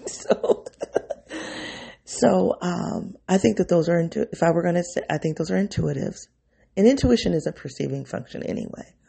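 Gravelly, husky-voiced male podcaster. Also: fairly high pitch, mellow. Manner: rambling, self-interrupting, addresses listeners as "y'all". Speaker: podcast host. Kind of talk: reflective solo podcast monologue.

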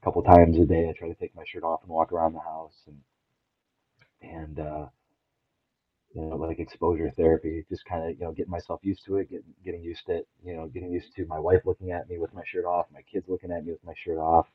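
A middle-aged man with a very deep voice talks earnestly and haltingly, restarting his sentences often. His voice comes through a thin, phone-like line with no room sound at all. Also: flat delivery, husky, no room sound. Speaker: podcast guest. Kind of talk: candid personal conversation. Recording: tinny phone-like line, dry.

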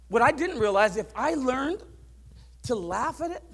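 High-pitched gravelly preaching man. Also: very animated, normal speed. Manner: swings from soft musing to loud preaching peaks. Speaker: pastor. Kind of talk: sermon.

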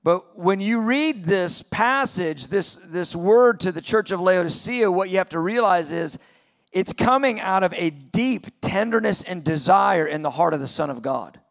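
A man's voice: high voice, animated, measured pace, vocal fry. A middle-aged man preaching an earnest sermon at a conference, building to impassioned peaks. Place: large venue, conference session.

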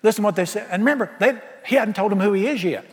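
A male pastor preaching with folksy, exuberant energy and peppering the crowd with questions. His voice sits a little high for a man. It rings out with a long reverb through a church hall. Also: racing. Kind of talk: sermon. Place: church sanctuary.

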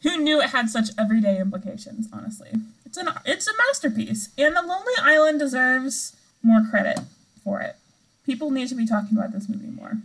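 A woman's voice: high-pitched, big pitch swings, a little fast, a bit bright, rough recording. A young woman co-hosting a podcast, chatting casually and laughing often. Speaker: podcast co-host. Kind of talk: casual chat.

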